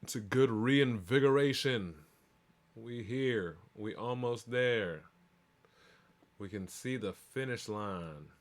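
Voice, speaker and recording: A man's voice: mid-range voice, slow. A man hosting a live stream, chatting in a loose, rambling, profane and hyped way. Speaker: livestream show host. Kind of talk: casual live-stream chat.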